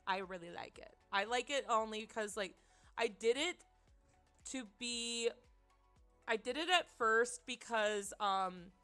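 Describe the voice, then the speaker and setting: A woman's voice: a little high, expressive, takes it slowly, fairly bright tone, faint music behind. A young woman streamer telling a story in casual chat, giggling often and using lots of filler words.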